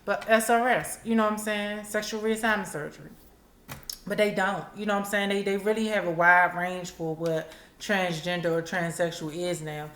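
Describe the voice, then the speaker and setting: A woman's voice: medium pitch, steady tone, moderate pace, fairly bright tone, echoey room, slight background noise. A woman hosting a talk show, speaking candidly and conversationally in casual commentary. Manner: candid, conversational, acts out quotes. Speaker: host.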